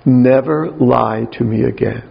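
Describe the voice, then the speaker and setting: A man doing a stern mother scolding her little boy, the voice gravelly and a touch husky. It comes through a dull, lo-fi recording. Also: medium pitch, unhurried, heavily acted.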